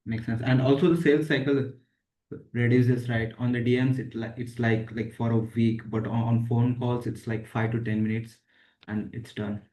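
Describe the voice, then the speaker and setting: A man's voice: medium pitch, flat delivery, normal speed, mellow, poor audio. A man taking part in a coaching call who answers briefly and agreeably and often restarts his sentences. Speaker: coaching participant.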